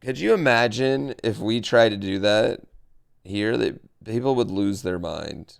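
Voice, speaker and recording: A man's voice: on the low side, expressive, unhurried, vocal fry, clear, resonant tone. A man streaming live, chatting casually and animatedly to his chat, swearing and going off on tangents.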